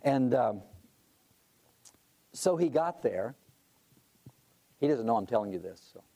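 A man's voice: mid-range voice, expressive, slow pace, gravelly, warm tone. Man telling a leadership story. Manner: conversational, with frequent restarts and asides. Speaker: conference president speaking on leadership.

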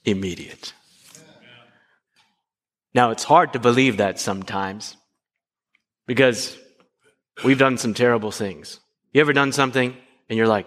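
A man's voice: medium pitch, normal speed, pauses often. A man preaching a sermon, asking his listeners questions and acting out short dialogues. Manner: animated, asks the congregation questions. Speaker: pastor. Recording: long hall reverb.

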